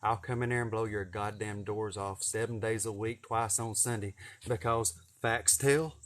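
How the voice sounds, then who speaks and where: Loud, swearing man. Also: lowish voice, flat delivery, moderate pace. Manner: loud, swearing, self-amused, repeats words for emphasis. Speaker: vlogger and contractor. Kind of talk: casual profane monologue while working outdoors. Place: outdoor garden greenhouse.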